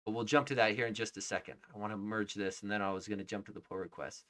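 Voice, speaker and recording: A man live-streaming his coding, reading out names as he checks them and thinking aloud, often trailing off into quiet murmurs. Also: on the low side, steady tone, fast talker. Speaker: livestreaming software developer. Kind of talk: casual live-coding commentary.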